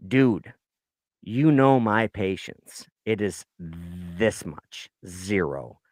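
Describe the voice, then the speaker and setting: A man's voice: low-pitched, drawn-out words, a little mellow, no room sound, clean studio sound. Profane ranting man on a podcast. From United States. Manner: profane, ranting, mimics voices in stories. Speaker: podcast co-host. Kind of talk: crude casual chat.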